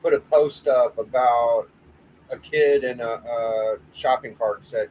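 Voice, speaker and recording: A man in a casual wrestling chat, blunt and quick to swear. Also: mid-range voice, fairly even intonation, darkish tone, a little hiss or hum, rough recording.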